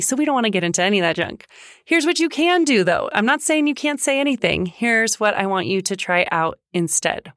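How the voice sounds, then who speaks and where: A woman's voice: on the low side, dry recording. Chatty woman parenting coach, dry sound. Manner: chatty, animated, acts out kid and parent lines. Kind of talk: casual advice talk to parents.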